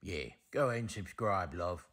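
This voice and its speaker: A man's voice: low voice, expressive, moderate pace, noisy background. A man putting on a chirpy, sing-song voice for a tiny, cheerful, childlike male mutant with an odd twang.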